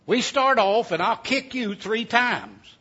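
A man's voice: extremely high pitch, expressive, pushed and bright, husky, voice pushed up, exaggerated voice. A preacher doing a wiry old mountain man drawling. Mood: sly, folksy. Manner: slow folksy drawl, firm and warning. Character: scrawny ninety-year-old mountain man, stubborn and sly. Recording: dull lo-fi sound.

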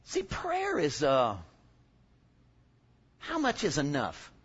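A man's voice: a little high, huge pitch swings, slow, slightly rough, muffled recording. A male preacher giving a sermon, joking and emphatic, working up from asides to strong points.

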